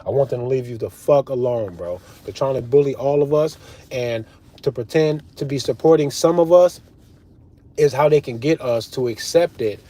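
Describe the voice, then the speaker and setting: A man's voice: mid-range voice, normal speed, warm tone. A man ranting straight at his viewers in a casual commentary, fired up and swearing freely. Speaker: political commentary vlogger.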